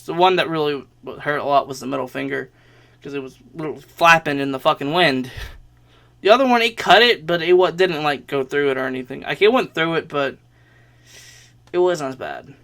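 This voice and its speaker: A man's voice: on the high side, brisk, gravelly, fairly bright tone. A young man vlogging a rambling personal story in a casual way, swearing often and laughing between lines.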